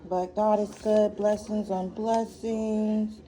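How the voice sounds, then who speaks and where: A woman's voice: medium pitch, level tone, takes it slowly, dark tone. Chatty woman filming her home garden. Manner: chatty, thinks aloud with many fillers and restarts. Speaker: gardening vlogger. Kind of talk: casual home gardening vlog. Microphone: phone camera.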